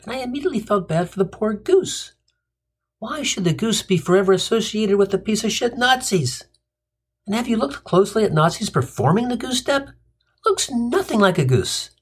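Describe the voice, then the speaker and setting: A man's voice: sits high, big pitch swings, fairly quick, husky. A man hosting a comic storytelling podcast, telling a sardonic, rambling monologue full of tangents and crude punchlines.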